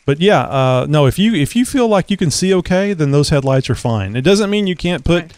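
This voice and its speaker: A man's voice: fairly high pitch, lively intonation, brisk, darkish tone, dry recording. A man hosting a podcast in casual chat, rambling and joking with many filler words. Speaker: podcast host.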